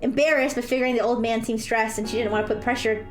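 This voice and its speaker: A woman's voice: fairly high pitch, steady tone, quick pace. A woman streamer reading jokes aloud in a giggly way that keeps breaking into laughter. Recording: roomy echo, faint music behind.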